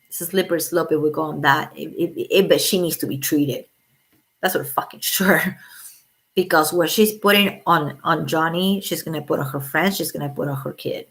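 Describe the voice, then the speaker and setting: A woman's voice: lowish voice, fairly bright tone. A woman with children chatting casually on a livestream, giving blunt opinions and swearing freely. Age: adult with children. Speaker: livestream host.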